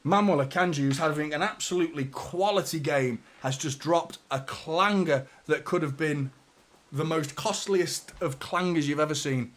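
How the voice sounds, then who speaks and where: A young man hosting a live football watchalong, swearing often and swinging between anxious muttering and shouted celebration. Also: a little high, normal speed. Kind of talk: live match reaction commentary.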